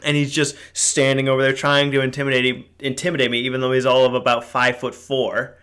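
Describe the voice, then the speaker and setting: A man's voice: mid-range voice, completely flat delivery, fast, fairly bright tone, smooth. A young man hosting a casual solo podcast, telling a rambling story with lots of fillers and swearing. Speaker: podcast host. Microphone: podcast mic.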